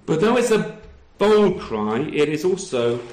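A man's voice: a little high, big pitch swings, measured pace, a little mellow. A man preaching a sermon to his congregation, asking rhetorical tag questions and adding dry self-deprecating humor. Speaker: pastor. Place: church service. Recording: roomy echo.

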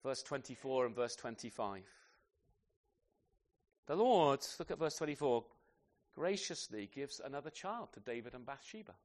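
A man preaching an expository sermon in a church, animated, asking his listeners rhetorical tag questions and restarting phrases as he goes. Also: mid-range voice, normal speed, long pauses. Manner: repeats words as he restarts phrases. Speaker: pastor.

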